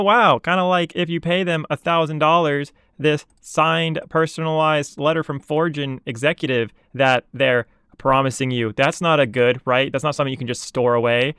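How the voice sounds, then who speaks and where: A man's voice: on the high side, a bit bright, clean tone, no room sound. A young man, a VTuber, ranting in exasperated, sarcastic commentary, mocking others in quoted asides.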